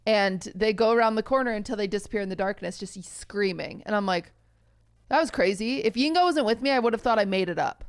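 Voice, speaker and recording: A woman's voice: a little fast, clear, resonant tone. A young woman co-hosting a podcast, telling stories in casual chat and acting out the people in them. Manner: animated storyteller, acts out quotes in high voices. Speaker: podcast co-host.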